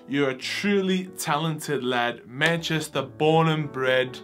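Young male vlogger, emotional casual rant, mid-high voice, light background music. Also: slow pace, a bit bright. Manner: says "mate" constantly, emotional and wistful. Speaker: football vlogger. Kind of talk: casual fan rant to camera.

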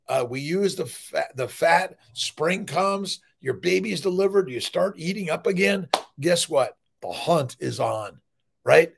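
A middle-aged male fertility doctor hosts a morning livestream, delivering an energetic motivational monologue that's emphatic and rambling, with blunt, profane asides and frequent "listen" and "right?". His voice is on the high side with vocal fry.

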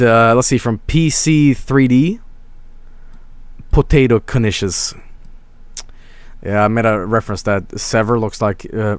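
A man's voice: on the low side, no echo. A man streaming, chatting casually to his viewers in a rambling, crude, swear-filled way.

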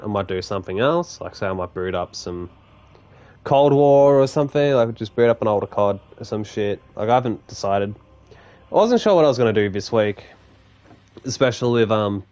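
A young male streamer talks over his game in a loose, rambling stream-chat style. His voice sits a little on the low side. He swears offhandedly and often trips over and restarts his sentences. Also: darkish tone, clean tone. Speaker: gaming streamer. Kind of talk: casual live-stream chat while gaming.

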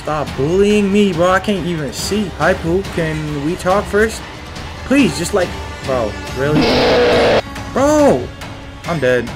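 A young man plays a horror game, narrating slowly with a fairly high voice that jumps into yelps and shouts whenever he gets scared. Loud game music plays under his voice the whole time. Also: animated. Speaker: gaming streamer. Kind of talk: horror game let's play commentary. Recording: game music playing loudly behind.

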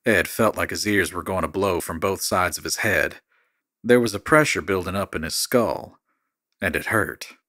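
A man reading a dark horror story in a steady, measured narrating voice. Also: low-pitched, dry recording, clean studio sound.

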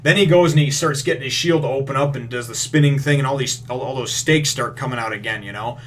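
A man hosting a manga review, recapping a chapter in a rambling way with lots of fillers and casual swearing, getting excited over the action. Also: mid-range voice, fast talker, slight background noise. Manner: gets excited retelling action.

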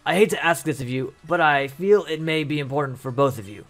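A man's voice: fairly high pitch, a little fast, a bit bright, faint music behind. A man reading aloud the lines of a remorseful former gang leader from a video game, in an earnest, apologetic way.

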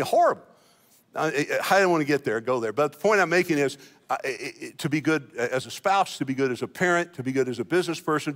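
A middle-aged male pastor delivers a sermon in a slightly high voice. He talks in a folksy, self-deprecating way and stumbles over restarts and repeated words. His voice rings with the long reverb of a church hall. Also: a bit bright. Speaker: senior pastor. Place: church sanctuary.

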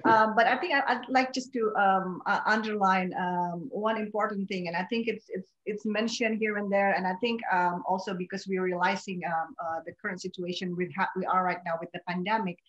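A woman speaking as a panelist in a webinar, summing up unscripted with frequent fillers and pauses. Her voice is at a middling pitch, and the video-call audio sounds dull and muffled. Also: fairly bright tone.

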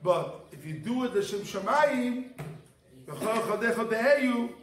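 High-voiced rabbi teaching in an echoey room. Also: male voice, expressive, a little slow, a little hiss or hum. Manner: emphatic, repetitive, non-native English with Hebrew terms. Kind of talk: Torah class.

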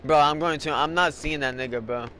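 A man's voice: on the high side, fairly quick, sharp tone, slight background noise. A young man casually commenting while playing a basketball video game, swearing and trash-talking in slang. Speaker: gamer streaming a basketball game.

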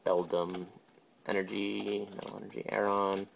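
A man casually opening a pack of trading cards on camera, calling out each card name in quick, offhand bursts. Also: lowish voice, little pitch movement, creaky, slight background noise. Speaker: video host.

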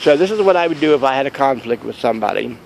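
A man's voice: medium pitch, lively intonation, racing, gravelly, slight background noise, rough recording. A man chatting casually to camera in a vlog outside a store, rambling and joking about deals. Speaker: vlogger.

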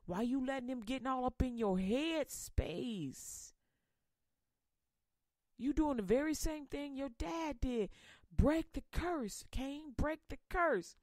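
A woman's voice: high-pitched, lively intonation, takes it slowly, darkish tone, no echo, clean studio sound. A woman voicing God as a stern but loving father, who scolds in casual slang. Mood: scolding. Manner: firm, scolding, streetwise.

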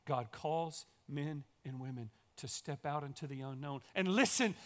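A male pastor preaches a sermon in a church sanctuary, his fairly high voice pressing each point with emphatic repetition. He builds steadily toward rallying calls to the congregation. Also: moderate pace, hardly any pauses, a bit bright.

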